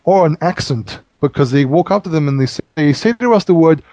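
Man, Bible study teacher, halting explanations, muffled lo-fi recording. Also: on the high side, lively intonation, darkish tone, no room sound. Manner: halting, many restarts while explaining.

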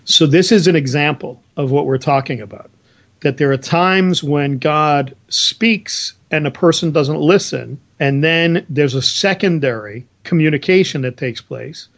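A man's voice: fairly high pitch, measured pace, fairly bright tone. A man co-hosting a Bible discussion, explaining verses earnestly and reading scripture aloud. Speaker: Bible study co-host.

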